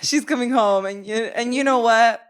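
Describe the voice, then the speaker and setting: A woman's voice: fairly high pitch, normal speed. A woman hosting a casual podcast chat, giggly and laughing often between her lines. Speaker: podcast host.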